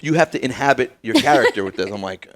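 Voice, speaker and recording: A man's voice: medium pitch, expressive, fast. Chatty man rambling through a story. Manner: rambling, acts out quoted dialogue with many fillers. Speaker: podcast host. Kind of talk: casual storytelling chat.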